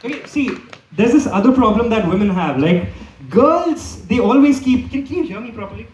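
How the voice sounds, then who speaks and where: A young man rambles through a stand-up set in a comedy club hall, checking in with the crowd and saying "okay?" again and again. His voice is high for a man, swings up and down with lively energy, and moves at a normal speed. His handheld mic catches him from a distance, so he sounds roomy.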